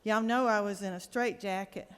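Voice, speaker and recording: A woman's voice: medium pitch, fairly even intonation, normal speed, fairly bright tone, smooth. A woman state senator, giving an impassioned, indignant floor speech. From American South. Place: large legislative chamber. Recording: reverberant chamber.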